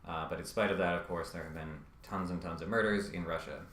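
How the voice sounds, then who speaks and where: A man's voice: deep voice, steady tone, fast, fairly bright tone, echoey room. A man giving casual commentary on a video essay, with frequent ums and uhs and wry asides.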